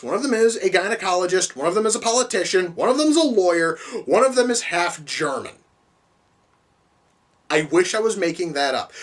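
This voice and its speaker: Rambling, cursing woman reviewer, distant mic. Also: a little high. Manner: profane, rambling with many restarts and fillers. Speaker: film reviewer. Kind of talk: casual video review.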